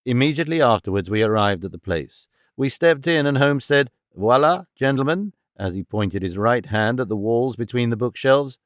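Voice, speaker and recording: A man narrating an audiobook in a measured, even storytelling manner, recorded on a studio microphone. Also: medium pitch, no echo. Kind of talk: scripted narration.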